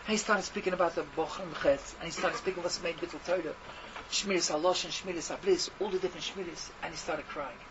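A man's voice: high voice, fast, hardly any pauses. A man telling a Hasidic tale in a rambling, repetitive way. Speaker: storyteller. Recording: dull recording with steady noise.

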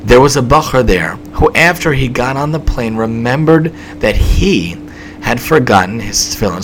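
A man's voice: medium pitch, animated, normal speed, a bit bright, slight background noise, poor audio. A man preaching a story-driven sermon, emphatic and repetitive, with dramatic swings in delivery.

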